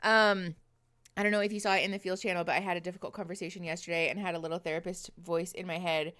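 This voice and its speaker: A woman's voice: on the low side, level tone, quick pace, fairly bright tone. A woman hosting a livestream, chatting casually with viewers, giggling often, swearing freely and using lots of fillers, close to a desk microphone. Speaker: livestream host.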